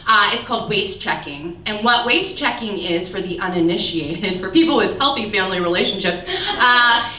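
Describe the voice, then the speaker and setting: A woman's voice: fairly high pitch, sharp tone, roomy sound, recorded from a distance, slight background noise. A woman in her thirties from the Southern US doing a self-deprecating stand-up set, laughing at her own lines, in a small club with an audience laughing along. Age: 30s. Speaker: stand-up comedian. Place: small comedy club before a live audience.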